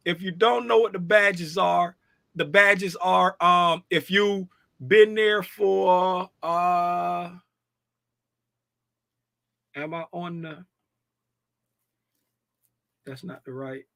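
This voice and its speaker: A man's voice: sits high, steady tone, slow pace, gravelly, long pauses, a bit bright, no room sound, studio quality. Chatty man hosting a livestream. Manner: chatty, repetitive, drawling, sing-song asides. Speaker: livestream host. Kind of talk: casual livestream chat.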